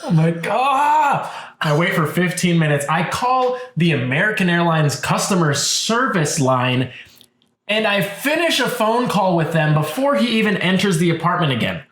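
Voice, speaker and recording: Sitting high in pitch and moving at normal speed, a man co-hosting a podcast tells a casual story. He swears freely and acts out quotes with animation, and the room has a noticeable echo.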